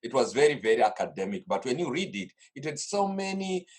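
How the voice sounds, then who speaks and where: A man from Zimbabwe, a guest in an interview, telling a lively anecdote and re-enacting past conversations. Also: mid-range voice, a little fast.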